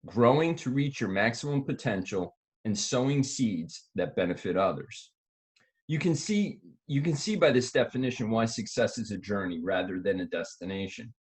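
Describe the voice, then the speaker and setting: A man co-hosting a call, reading an article aloud in a deliberate radio-announcer style. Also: fairly low pitch, darkish tone.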